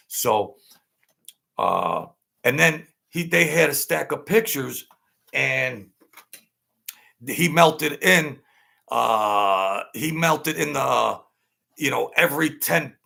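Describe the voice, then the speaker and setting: A man's voice: medium pitch, expressive, takes it slowly, gravelly, bright, forceful tone, breathy edge. An older man, telling a rambling story in street slang and often repeating himself. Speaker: channel host. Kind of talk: casual storytelling.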